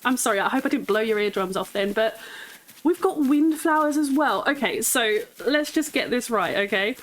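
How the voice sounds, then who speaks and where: A woman giving excited gameplay commentary as a gaming YouTuber, gushing with nervous laughter and squealing bursts of joy. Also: a little high, normal speed, rough recording.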